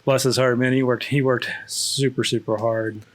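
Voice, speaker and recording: A man's voice: medium pitch, flat delivery, normal speed. A man, a school district network specialist, chatting casually with many restarts and fillers. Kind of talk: casual chat.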